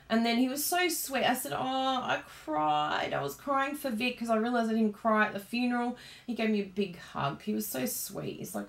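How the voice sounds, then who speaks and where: An Australian woman hosting a card-making live stream, chatty and gushing and quick to laugh. Her voice sits at an ordinary middle pitch. It rings with the echo of a roomy room. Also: fairly bright tone. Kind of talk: casual live-stream chat. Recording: roomy, echoey room sound.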